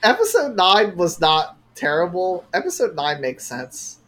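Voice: mid-range voice, huge pitch swings, a little slow, fairly bright tone. A podcast co-host casually recapping a show, swearing often and sounding fed up with the plot. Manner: profane, exasperated storytelling.

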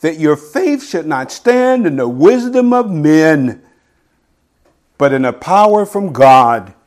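A middle-aged man preaching a sermon in a conversational teaching style, reading scripture slowly and asking his listeners "right?". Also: on the high side, big pitch swings, darkish tone. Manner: quotes scripture slowly and deliberately. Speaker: pastor.

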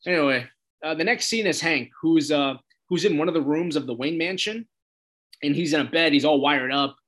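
A man's voice: fairly high pitch, normal speed, a bit bright. A man hosting a casual, profanity-laced spoken recap of a TV episode, with a loose, chatty delivery and quoted lines acted out in different voices. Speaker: show host recapping a TV episode.

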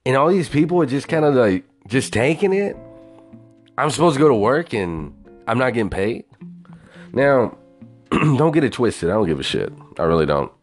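A man's voice: medium pitch, sing-song, moderate pace, pauses often, faint music behind. A man ranting in a casual, profane way, incredulous and swearing constantly.

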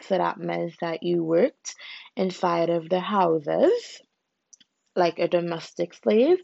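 A woman's voice: on the low side, vocal fry, no echo, dull audio. A young woman from the Caribbean hosting a casual solo podcast, chatty and laughing at herself as she talks. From British Caribbean. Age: young adult. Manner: chatty, laughs at herself, lively swings in emphasis. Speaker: podcast host.

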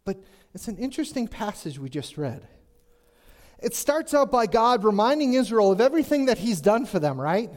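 Man, preacher, conversational sermon, jokey asides, questions to the listeners, lively pitch. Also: moderate pace. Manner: chatty, asks the congregation questions, jokes in asides.

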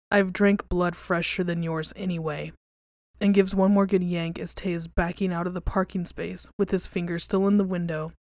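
Low-voiced woman reading creepy stories. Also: no echo, studio quality. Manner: relaxed and conversational, casual swearing. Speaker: podcast host reading stories. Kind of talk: reading creepy stories aloud, then casual chat.

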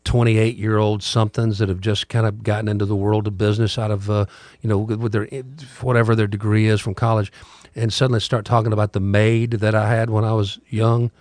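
A man's voice: on the low side, level tone, a little fast, darkish tone, no room sound. A middle-aged man, hosting a podcast and talking through a candid, reflective monologue. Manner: conversational, candid, musing. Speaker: radio host and podcaster.

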